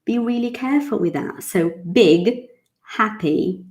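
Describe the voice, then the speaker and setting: A woman, teaching English in a chatty, casual way and repeating words slowly so they can be drilled. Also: on the high side, animated, darkish tone. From Brazil. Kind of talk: casual online English lesson.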